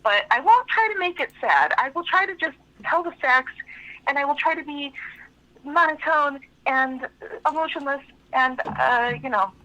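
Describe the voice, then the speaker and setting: A woman's voice: high voice, animated, normal speed, sharp tone. A woman calling in to a radio show, telling a story in a rambling, frank way with lots of fillers. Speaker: caller. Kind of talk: telling a story on a phone call. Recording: tinny phone line.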